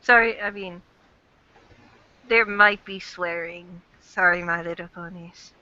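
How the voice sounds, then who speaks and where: A woman's voice: fairly low pitch, fairly even intonation, slow, bright, forceful tone, no echo. A woman hosting a casual online fan chat, rambling and chatty with casual swearing, on a dull lo-fi recording.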